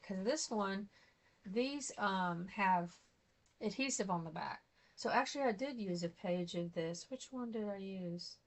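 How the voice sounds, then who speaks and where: A middle-aged woman, chatting casually and rambling as she shows her craft supplies. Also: medium pitch. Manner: chatty, rambling, thinks aloud. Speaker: craft vlogger. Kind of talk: casual show-and-tell chat.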